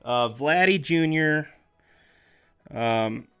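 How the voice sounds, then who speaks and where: A man's voice: on the high side, lively intonation, extremely slow, a bit bright, clean tone. A man chatting casually on a live stream as he opens packs, reading names aloud, joking and correcting himself along the way. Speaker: streamer opening trading card packs.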